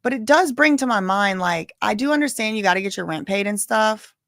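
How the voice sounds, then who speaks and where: Chatty and opinionated, a woman offers casual commentary on a live trial, often dropping "like" and "y'all." Her mid-range voice is expressive, a little fast and slightly bright, recorded with studio clarity and no echo.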